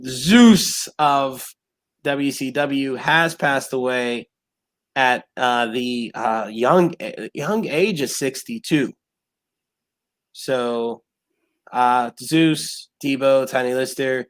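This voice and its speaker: A man's voice: medium pitch, drawn-out words. A man hosting a casual wrestling talk show who rambles with many fillers, then bursts into heated rants full of rhetorical questions. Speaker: sports talk show host.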